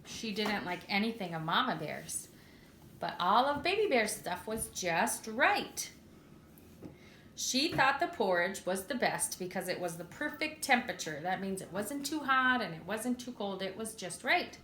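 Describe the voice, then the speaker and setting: Slow, expressive woman teacher reading a story. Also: mid-range voice, slight background noise. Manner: clear, expressive, asks the children questions. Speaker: preschool teacher. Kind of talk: reading a story aloud to children. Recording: echoey room.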